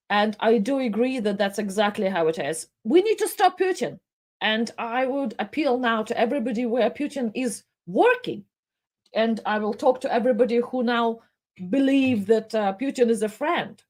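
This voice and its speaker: Woman, tearful, impassioned, pleading, halting restarts, live commentary. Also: a little high, a little mellow.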